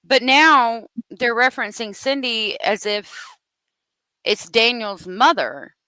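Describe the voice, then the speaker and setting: Chatty woman host talking true crime, smooth clear voice, dry close sound. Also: a little high, slow, bright, forceful tone, no room sound. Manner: chatty, thinking aloud. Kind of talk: casual true-crime commentary.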